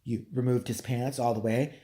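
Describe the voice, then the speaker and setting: A comedian voicing a pushy, leering male TV interviewer in a low, hushed voice. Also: flat delivery, normal speed, lightly acted.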